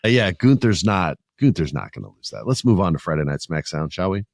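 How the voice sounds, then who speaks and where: Middle aged guy hosting a wrestling podcast, lowish voice, dry sound, jokey and animated. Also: brisk, vocal fry, dry recording. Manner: animated, joking, puts on voices. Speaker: podcast host. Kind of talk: casual wrestling chat.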